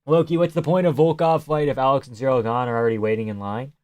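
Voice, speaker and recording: A man's voice: medium pitch, fairly even intonation, fast talker, a little mellow, slight background noise. A man hosting a live stream, reading viewer messages aloud and answering in a loose, joking way that sometimes drops to a near-whisper. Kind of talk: casual live stream chat.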